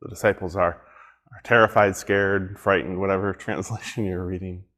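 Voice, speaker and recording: A man's voice: low voice, steady tone, normal speed, a bit bright. A man as pastor giving a devotional sermon, reflective and conversational, repeating phrases for emphasis.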